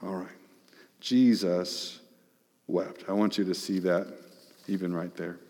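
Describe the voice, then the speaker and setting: A man's voice: deep voice, level tone, brisk, a little hiss or hum. Man preaching in a reverberant hall. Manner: questions the audience, emphatic, swings between loud and hushed. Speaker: pastor. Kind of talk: sermon.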